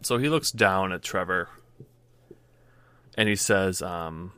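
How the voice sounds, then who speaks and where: A man's voice: low voice, slow pace, clean tone, no room sound. A man playing a tabletop game, talking casually with hesitations. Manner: relaxed, hesitant, filler-heavy. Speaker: player.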